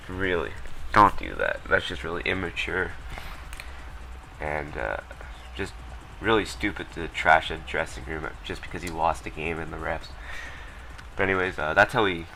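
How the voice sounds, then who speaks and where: A young man with a low yet bright, forceful voice talks through his gameplay footage in a loose, rambling way. He fills gaps with ums and uhs and doesn't shy away from swearing. A faint noise sits under the recording. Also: creaky, poor audio. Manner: rambling, lots of ums and uhs, blunt and profane. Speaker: gameplay commentator. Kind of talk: casual gameplay commentary.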